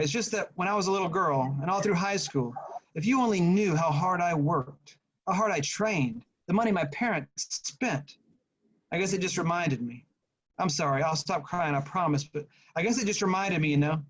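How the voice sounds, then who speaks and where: A man reading aloud as a regretful woman confessing at church, halting and apologetic. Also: high-pitched, lo-fi sound. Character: regretful mother who gave up ballet.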